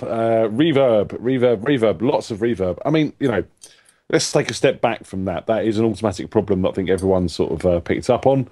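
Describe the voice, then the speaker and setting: A man giving a candid, joking music critique as a panelist, often rising in pitch as he gets animated.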